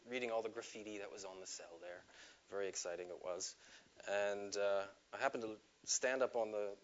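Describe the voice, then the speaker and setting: A man's voice: lowish voice, muffled recording. Man telling a funny story on stage. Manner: animated, laughs at his own story, acts out quotes. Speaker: speaker telling a personal story to an audience. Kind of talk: storytelling talk. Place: stage before a live audience.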